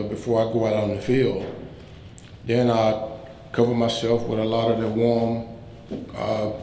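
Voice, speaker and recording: A man giving a keynote speech at a banquet, telling funny stories in a relaxed way and acting out the lines of the people in them. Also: medium pitch. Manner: relaxed anecdotal telling, acts out quoted lines. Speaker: keynote speaker. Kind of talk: humorous after-dinner storytelling speech. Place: banquet hall. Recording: roomy hall sound, faint room noise.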